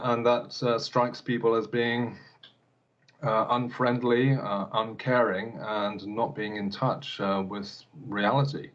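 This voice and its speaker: A man who teaches elocution answers interview questions in a lowish voice. He hesitates a lot and stumbles over repeated words between fillers. The recording has a dull, lo-fi broadcast sound.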